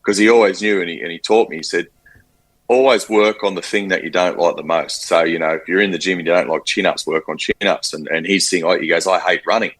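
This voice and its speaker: Deep-voiced Australian man telling stories. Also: fast talker. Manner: animated storyteller, acts out quotes, frequent fillers. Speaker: former rugby league player, guest. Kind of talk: casual storytelling interview.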